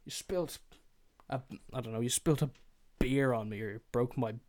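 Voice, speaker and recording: A man's voice: medium pitch, moderate pace, a little mellow. A man hosting a podcast, venting alone in a heated, profane rant and slipping into mocking impressions. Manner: profane, heated, swears freely; slips into mocking whiny impressions. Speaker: podcast host. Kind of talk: solo ranting monologue.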